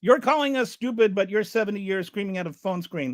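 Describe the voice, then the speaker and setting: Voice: mid-range voice, expressive, a little fast, few pauses, no room sound. A channel host giving an exasperated, sarcastic rant of political commentary.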